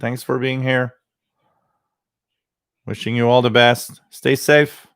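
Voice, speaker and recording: A man's voice: medium pitch, level tone, slow, a bit bright, smooth, no echo, studio quality. A man, hosting a livestream, telling rambling stories and greeting viewers by name in casual chat. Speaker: livestream host.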